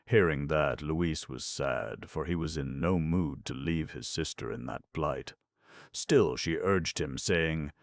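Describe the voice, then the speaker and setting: A man reading a folk-tale audiobook in steady scripted narration. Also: very deep voice, slow, creaky, dry recording, clean studio sound. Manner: steady storytelling.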